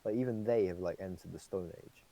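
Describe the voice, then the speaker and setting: A young adult man with a deep, dark voice talks briskly as a podcast co-host. He rambles through casual chat full of fillers and swearing, on a rough recording.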